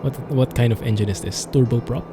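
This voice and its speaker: A man's voice: medium pitch, a little fast, over music. A man streaming a flight simulator, chatting in a rambling, amused way as he flies and talks to viewers. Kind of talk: casual gameplay commentary.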